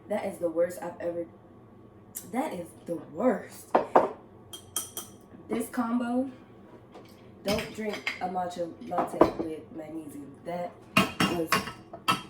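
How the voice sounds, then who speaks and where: In her home kitchen and then upstairs, a vlogger chats casually while getting ready, laughing often and calling her viewers "girl." Her lowish voice is slow with frequent pauses, and the audio is very noisy.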